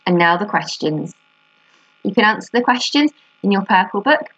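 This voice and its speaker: A woman teacher reading a children's novel aloud to her class in a steady, clear voice, then setting the class questions. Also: medium pitch, moderate pace, no echo, rough recording.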